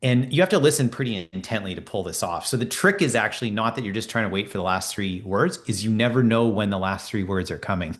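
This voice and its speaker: A middle-aged man, a leadership coach, explaining ideas in a podcast interview and acting out quoted conversations in lively voices. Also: lowish voice, quick pace, hardly any pauses.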